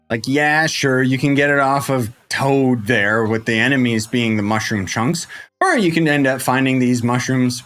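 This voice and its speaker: A man giving casual commentary for a game tutorial, rambling playfully with jokey asides and sudden jumps in pitch, into a desk microphone. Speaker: game guide creator.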